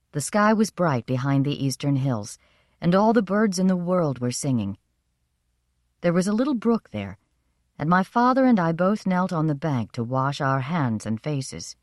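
A woman narrating a first-person story in a measured, expressive reading. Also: sits low, no echo, studio quality. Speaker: audiobook narrator.

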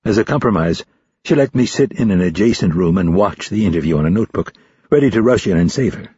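A man reading a novel aloud as a first-person narrator, in a measured, even delivery. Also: sits low, lo-fi sound, slight background noise. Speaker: audiobook narrator.

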